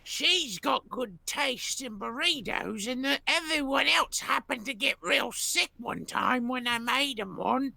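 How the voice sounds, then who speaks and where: A player voicing a bumbling male royal cook in a rough, folksy put-on voice, in a tabletop game. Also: extremely high pitch, measured pace, few pauses, pushed and bright, no echo, exaggerated voice. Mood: boastful. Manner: rough folksy drawl, says "me ears".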